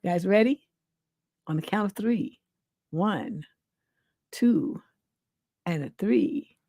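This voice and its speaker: A woman's voice: mid-range voice, takes it slowly, dry recording, studio quality. Laughing woman hosting a live stream. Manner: laughs often, reacts loudly, quotes people in playful voices. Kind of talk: casual live stream chat.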